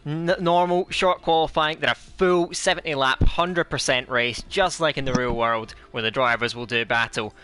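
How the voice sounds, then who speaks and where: A man commentating an online sim racing league, putting on a fake Scottish accent, chatty and energetic with many fillers. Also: medium pitch, normal speed, few pauses, clear, resonant tone. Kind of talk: esports race commentary.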